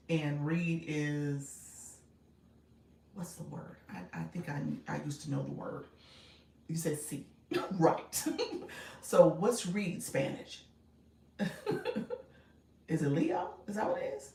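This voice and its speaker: A woman's voice: low-pitched, dark tone. A woman hosting a casual livestream, chatting with viewers, reading out their comments and laughing often. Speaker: livestream host and coach. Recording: echoey room, distant mic.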